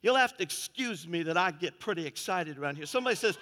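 A man preaching a fervent sermon, swinging between shouted exclamations and hushed, quiet passages. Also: high-pitched, expressive, quick pace, big-room sound. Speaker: pastor.

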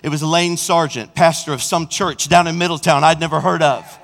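Male pastor, high bright voice, sermon in a reverberant sanctuary, big dynamic swings. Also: fairly even intonation, normal speed. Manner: swings from hushed storytelling to shouted preaching. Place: church sanctuary. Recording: long hall reverb.

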